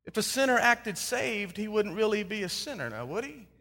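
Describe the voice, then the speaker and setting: Male pastor, very high and bright voice, animated emphatic storytelling, long hall reverb. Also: moderate pace. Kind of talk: sermon with personal storytelling.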